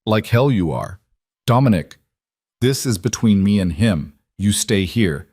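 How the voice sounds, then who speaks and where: A man's voice: on the low side, lively intonation, a little slow, darkish tone, breathy edge, no echo. A man voicing a protective crime boss who speaks firmly to his lover, in a dry close recording. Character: protective male crime boss, tense and tender.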